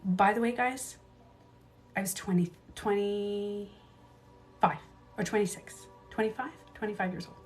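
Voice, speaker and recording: A woman in her thirties hosting a casual livestream, telling her own stories candidly, swearing freely and jumping into quick asides. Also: mid-range voice, soft background music. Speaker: beauty coach livestream host.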